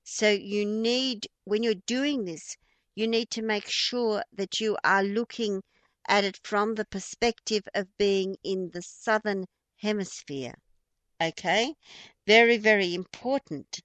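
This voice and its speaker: A woman's voice: mid-range voice, slow, a bit bright, no echo. A woman with an Australian accent giving an informal spoken lesson, explaining patiently with frequent ums and restarts. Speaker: feng shui teacher.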